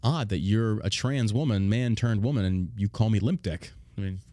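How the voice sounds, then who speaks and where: A man's voice: on the low side, normal speed, dark tone, no echo, clean studio sound. A man hosting a show, ranting bluntly and profanely in a casual, heated way. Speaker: show host. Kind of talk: casual political rant.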